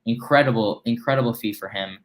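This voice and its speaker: A man's voice: medium pitch, fairly quick. A teenage boy, a guest on a sports talk show, laid-back with dry humor. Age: teens.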